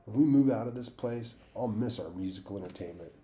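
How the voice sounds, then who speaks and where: A man's voice: fairly low pitch, a little fast, warm tone, reverberant, a little hiss or hum, natural voice. A man reading the lines of a teasing young boy in a wry, joking tone.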